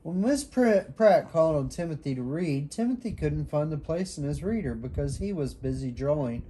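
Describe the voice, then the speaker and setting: A father reading a children's bedtime story aloud, with an expressive, animated reading. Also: a little high, moderate pace, breathy edge.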